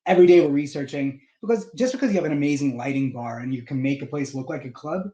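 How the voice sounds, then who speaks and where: Chatty guest man with a bright voice. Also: on the high side, quick pace, reverberant. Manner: enthusiastic, chatty, lots of fillers. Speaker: DJ business co-owner, guest. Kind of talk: casual interview talk.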